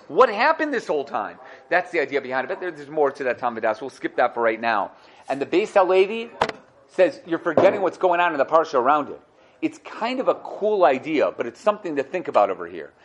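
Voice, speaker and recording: A man with a fairly high voice gives a Torah lesson to his class. He swings his pitch widely when he acts out the quotes. His delivery is animated and questioning. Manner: animated, dramatizes quotes with a rising voice. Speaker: Torah teacher. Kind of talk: classroom lesson on the weekly portion.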